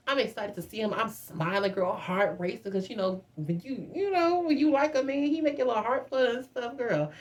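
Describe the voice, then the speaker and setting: A woman in her twenties telling a storytime in a chatty, animated way, constantly addressing her viewers as "girl.". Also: mid-range voice. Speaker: vlogger. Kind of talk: casual storytime.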